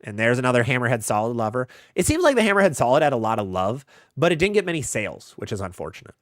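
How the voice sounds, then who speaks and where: A man's voice: medium pitch, big pitch swings, fast, no room sound, clean studio sound. A man hosting a live bowling Q&A, giving casual gear advice in answer to viewer questions. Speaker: bowling channel host. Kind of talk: live stream Q&A, answering chat.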